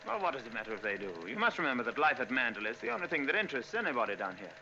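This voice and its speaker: An actor playing a brooding, weary aristocratic husband who speaks in a clipped, curt way, in 1940s film acting. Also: male voice, mid-range voice, sing-song, very fast, background noise. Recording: muffled old film soundtrack.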